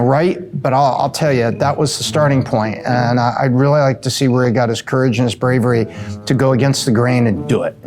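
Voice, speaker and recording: A middle-aged man from the US East Coast answering quick questions in a casual, upbeat way, with fillers and self-corrections. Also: medium pitch, a little mellow. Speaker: show regular answering rapid-fire questions.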